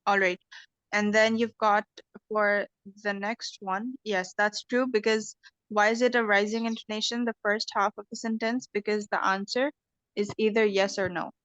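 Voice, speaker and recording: Teacher role: a patient woman running an online English class, steady mid-pitched voice, dry close sound over slightly dull call audio. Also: normal speed, no echo. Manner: patient, explains step by step, checks with "okay?".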